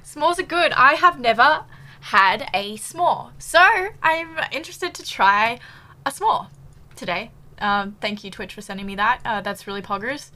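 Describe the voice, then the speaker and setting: A bubbly woman streamer chats casually with her viewers, giggling often and filling gaps with ums. Her voice sits a little high and sounds bright, and she is slightly out of breath. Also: unhurried. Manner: bubbly, giggly, chatty with many fillers. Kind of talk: casual live-stream chat.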